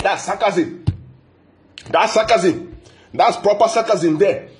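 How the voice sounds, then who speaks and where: Speaking slowly in a high register, this male preacher teaches from the pulpit with faint music behind him. He repeats himself for emphasis and keeps asking the congregation "yeah?"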